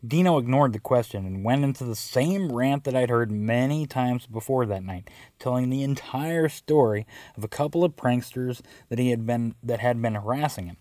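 A man's voice: medium pitch, normal speed, a little mellow, no echo. A man telling a first-person story with wry, self-mocking narration.

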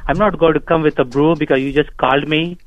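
A man's voice: fairly high pitch, fairly even intonation, fast, narrow, tinny audio. An older man, a business owner, pushing back defensively and indignantly, padding his speech with "you know" and "man.". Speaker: business owner being pranked.

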